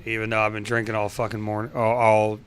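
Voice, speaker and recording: Bright-voiced laid-back man, cursing. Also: fairly low pitch, completely flat delivery, fast talker, slight background noise. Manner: profane, laid-back, laughing. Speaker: co-host of a live stream show. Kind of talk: casual banter on a live stream.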